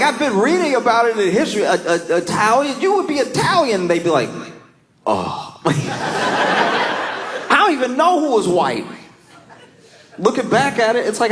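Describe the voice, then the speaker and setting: A male comedian with a high-pitched voice performs a stand-up bit amid background noise. He tells lively stories, laughs through his lines, and jumps into quick voiced asides.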